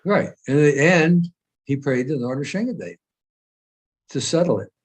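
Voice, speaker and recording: An older man, a guest, recalling past events in a measured, anecdotal way over a video call. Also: a little high, expressive, slightly rough, rough recording. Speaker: guest speaker. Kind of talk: reminiscing conversation.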